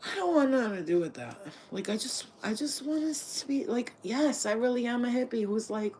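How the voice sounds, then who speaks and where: A woman channeling spirit messages in a casual livestream talk, animated and profane, dropping to whispers and then shouting. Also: mid-range voice, moderate pace, hardly any pauses, a little hiss or hum. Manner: animated, swings between whispers and loud outbursts, swears freely.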